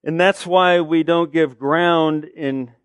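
Earnest preaching man, slightly high voice. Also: steady tone, slow, clear, resonant tone, no echo, clean studio sound. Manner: earnest, conversational preaching with rhetorical questions. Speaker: pastor. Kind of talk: sermon.

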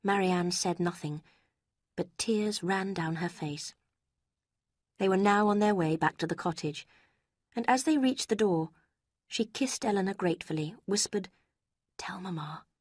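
Breathy woman reading a story. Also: fairly low pitch, no room sound, studio quality. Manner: clear, steady storytelling. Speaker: narrator. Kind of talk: audiobook narration for learners.

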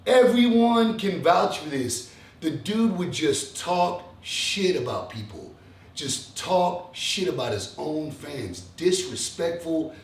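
A young man from Texas rants at his viewers with heavy profanity, jumping into mocking voices. His voice sits a little high and sounds roomy and a bit off the mic. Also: far from the mic. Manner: animated, profane, mimics others in mocking voices. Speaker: fitness vlogger. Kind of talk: casual ranting monologue.

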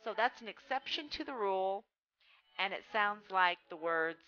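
A woman teaching a phonics lesson, reading words slowly and stressing each one for young readers. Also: mid-range voice, lively intonation, sharp tone, no echo. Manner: slow, careful, stresses each word. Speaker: reading tutor. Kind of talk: phonics lesson read aloud. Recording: dull lo-fi sound with faint music.

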